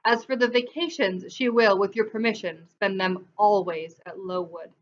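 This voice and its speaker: A woman's voice: mid-range voice, normal speed, muffled recording, a little hiss or hum, natural voice. A woman reading as a cold, haughty aunt. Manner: cold and disapproving.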